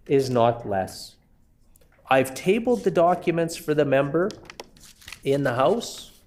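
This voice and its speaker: A man's voice: fairly high pitch, darkish tone. A man with a Canadian accent, an education minister answering questions in a legislative committee, combative and sarcastic, often addressing the chair. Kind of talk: parliamentary committee debate. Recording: legislative room feed with faint noise.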